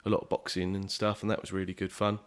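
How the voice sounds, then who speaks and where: Relaxed young man with a low voice. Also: fast talker. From southeast England. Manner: easygoing, rambling with many fillers and restarts. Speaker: musician guest. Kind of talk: casual podcast interview.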